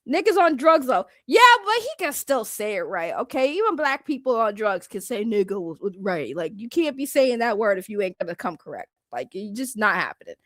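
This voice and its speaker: A woman giving casual reaction commentary, animated and blunt, laughing often with slangy talk. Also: medium pitch, a little fast, hardly any pauses, no echo, clean studio sound. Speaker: reaction streamer.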